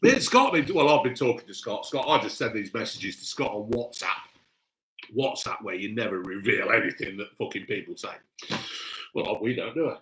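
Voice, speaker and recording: Reading chat on his live stream, this male host sounds blunt, gruff and cheerfully crude in casual, crude talk. The voice is lowish, animated and brisk, with a fairly bright tone and rough recording quality.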